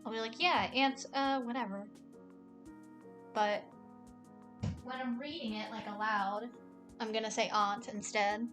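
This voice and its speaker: A young woman streaming a game, reading the story aloud and chatting, sarcastic and quick to swear. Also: a little high, steady tone, a bit bright, faint music behind.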